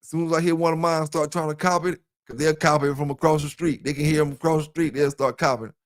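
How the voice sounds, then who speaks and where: A dog kennel channel host speaks fast in a slightly high, steady voice during a loose, rambling livestream aimed right at his listeners. He's on a headset mic with earphones, and the sound is dry and clean, like a studio.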